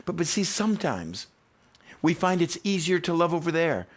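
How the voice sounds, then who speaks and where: Animated male pastor preaching. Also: fairly high pitch, moderate pace. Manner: animated, storytelling. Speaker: teaching pastor. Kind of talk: sermon.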